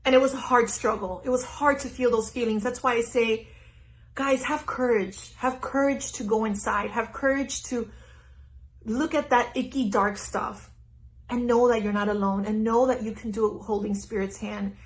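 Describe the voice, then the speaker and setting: Earnest animated middle-aged woman streaming live. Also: on the high side, normal speed, poor audio. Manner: earnest, animated, laughs easily. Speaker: spiritual teacher hosting a live stream. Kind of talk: heartfelt live-stream talk. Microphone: phone on a stand.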